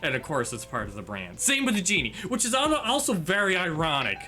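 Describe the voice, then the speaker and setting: A man's voice: fairly high pitch, big pitch swings, a little fast, pushed and bright, soft background music. A man co-hosting a podcast in casual chat, self-deprecating and rambling with plenty of fillers. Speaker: podcast co-host.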